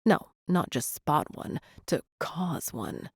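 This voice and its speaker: A woman reads a romantic comedy audiobook in gentle, even narration. Her voice is slightly low and recorded close and dry, with no room sound. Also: slow, breathy edge, no room sound. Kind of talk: scripted narration.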